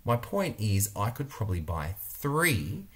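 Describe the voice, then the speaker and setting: A man's voice: fairly low pitch, wildly swooping pitch, a little slow. A middle-aged man with an Australian accent, an interior designer giving blunt, emphatic opinions in a product review vlog. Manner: blunt, emphatic, repeats points for stress.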